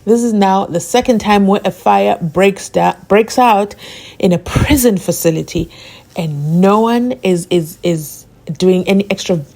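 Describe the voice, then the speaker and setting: A woman's voice: mid-range voice, unhurried, vocal fry, darkish tone. A woman hosting a casual commentary vlog, asking rhetorical questions and laughing often. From South Africa. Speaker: channel host.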